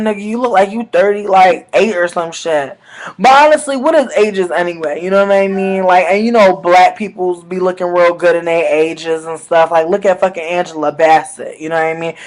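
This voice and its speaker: A man with a high voice and tells a rambling story straight to his viewers. He talks casually and profanely, with animated loud bursts that drop into low mutters. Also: normal speed, low-quality recording. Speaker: vlogger.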